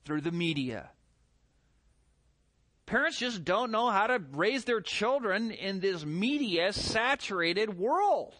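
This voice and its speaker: A middle-aged pastor with a high voice preaches an animated sermon, throwing out rhetorical questions and mimicking other voices.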